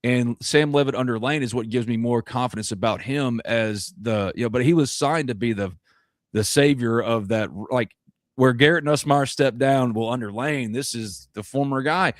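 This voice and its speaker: A rambling man in his thirties hosts a casual sports chat at a mid pitch. His voice is dry and close, with no room sound. He talks loosely and fills gaps with fillers. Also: moderate pace, no room sound. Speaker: podcast host.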